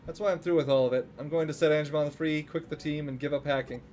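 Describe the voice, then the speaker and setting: A man voicing a young male hacker in a video game, calmly reading resigned, apologetic lines. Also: fairly high pitch, fast, a little hiss or hum, lightly acted.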